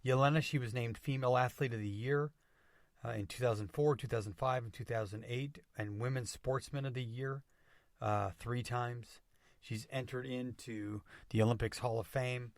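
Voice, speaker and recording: A man hosting a motivational podcast, speaking with energetic emphasis and returning to catchphrases again and again. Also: mid-range voice, moderate pace, vocal fry, dry recording. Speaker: podcast host.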